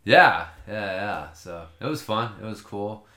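A man's voice: fairly low pitch, animated, unhurried, pushed and bright, roomy sound. A man telling a long story in casual chat, rambling and swearing freely.

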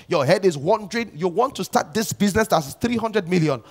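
Guy preaching, pretty high voice, slows right down on the big lines and repeats them. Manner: emphatic, repeats key lines, slows down to stress scripture. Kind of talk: sermon.

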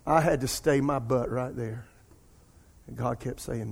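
This middle-aged pastor preaches at a measured pace, his medium-pitched voice slightly rough with vocal fry. He speaks directly to the congregation in the sanctuary, adding call-and-response asides, and the audio rings with long hall reverb.

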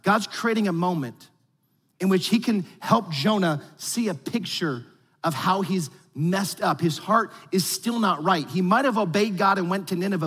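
A man preaching a sermon with casual, animated delivery and slangy asides. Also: sits high, slightly rough, big-room sound. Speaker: pastor.

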